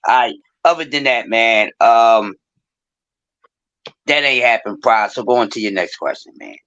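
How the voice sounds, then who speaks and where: A man co-hosting a casual sports podcast, ranting in an animated, sarcastic way. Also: mid-range voice, measured pace, clean tone, dull audio. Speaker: podcast co-host.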